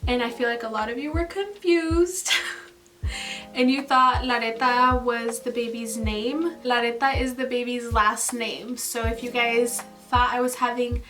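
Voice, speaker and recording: A chatty young woman with a high, bright-sounding voice talks straight to her viewers, gushing and full of little laughs. She sounds a bit set back from the mic, with music playing underneath. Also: fairly even intonation, measured pace. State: pregnant, tired. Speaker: vlogger. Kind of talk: casual chat to camera. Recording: mic at a distance, music behind. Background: background music.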